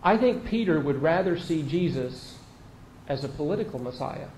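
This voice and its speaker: Male pastor, conversational sermon delivery, a touch high-pitched, roomy echo. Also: animated, moderate pace, a little mellow. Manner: conversational, vivid storytelling with emphatic repeats. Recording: echoey room with faint noise.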